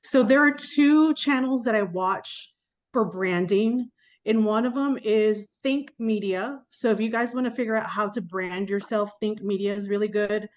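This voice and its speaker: A woman's voice: mid-range voice, moderate pace, muffled recording. A woman attendee on a webinar, speaking eagerly in a conversational way.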